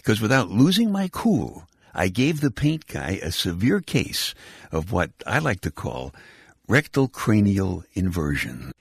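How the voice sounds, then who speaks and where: A man's voice: fairly low pitch, very animated, measured pace, creaky, slightly rough, no room sound. An older man from Brooklyn, hosting a bedtime podcast and telling a folksy, rambling story with wry humor. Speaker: podcast host.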